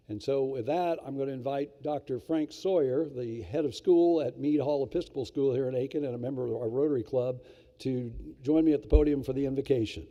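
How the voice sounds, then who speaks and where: An older man emcees a luncheon in a relaxed, self-deprecating manner, his voice very dark and warm. A long reverb from the large hall trails his words. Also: mid-range voice, highs cut off. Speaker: master of ceremonies. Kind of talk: casual emcee remarks.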